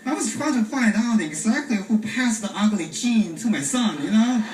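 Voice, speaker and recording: A man from China with a Chinese accent, doing a stand-up comedy set in a deadpan way with frequent "uh" pauses. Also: high-pitched. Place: comedy stage before a live audience. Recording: echoey stage from far off with loud room noise.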